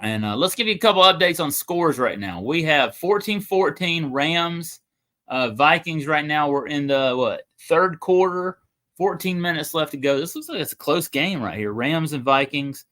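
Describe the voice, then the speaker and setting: A man's voice: fairly high pitch, animated, moderate pace, a bit bright. A young man, hosting a casual livestream and rambling to viewers. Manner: rambling, chatty, talks to viewers. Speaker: livestream host.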